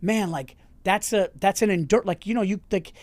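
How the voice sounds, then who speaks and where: Calm man hosting a podcast. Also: high voice, normal speed, dry recording. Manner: relaxed, calm storyteller. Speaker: podcast host. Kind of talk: casual podcast chat.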